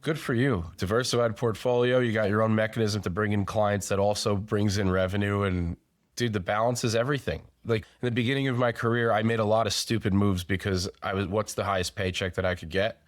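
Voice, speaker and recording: A man's voice: fairly low pitch, fairly even intonation, a little fast. A man hosting a sales podcast, talking candidly and casually with the odd swear word and plenty of fillers. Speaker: podcast host.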